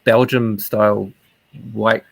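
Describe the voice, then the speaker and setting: A man's voice: lowish voice, level tone, slow pace, creaky, breathy edge, no echo. A man co-hosting a podcast, chatting casually and asking curious questions. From New Zealand. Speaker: podcast co-host. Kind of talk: casual chat.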